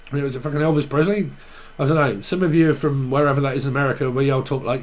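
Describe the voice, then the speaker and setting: A man's voice: a little high, very fast. A man with a Cockney accent giving a rambling tarot reading, riffing through names and word associations in a playful, swearing way. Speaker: tarot reader.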